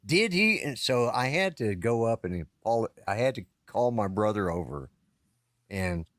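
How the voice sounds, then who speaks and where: This man's voice sits lowish and sounds expressive, moving at a normal pace with a dry, studio-quality recording. Co-hosting a podcast over a live-stream call setup, the middle-aged or older speaker wanders through a lengthy, casual anecdote, repeatedly breaking off and restarting.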